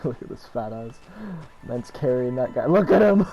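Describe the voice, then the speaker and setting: A man's voice: medium pitch, creaky, very noisy. A man giving goofy, rambling commentary while playing a video game, swearing freely as he talks. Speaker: let's-play gamer. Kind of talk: casual gameplay commentary.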